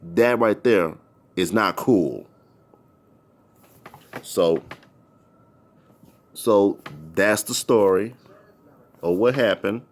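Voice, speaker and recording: A man's voice: fairly low pitch, extremely slow, long pauses. A man telling a personal story in a casual, rambling, repetitive way. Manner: rambling, repetitive, animated retelling.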